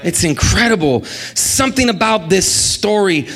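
A man preaching a sermon as pastor, animated and sing-song, leading the congregation in call-and-response. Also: high voice, a little slow, soft background music.

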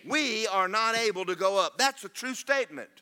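A man's voice: high-pitched, animated, moderate pace, sharp tone, smooth. A man preaching a sermon as pastor, folksy and joking, then rising to emphatic preaching.

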